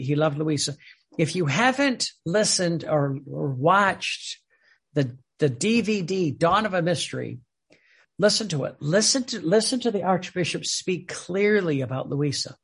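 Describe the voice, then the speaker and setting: A man's voice: fairly high pitch, animated, a little slow, breathy edge. A man giving an earnest religious teaching, often repeating and restarting his words. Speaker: preacher.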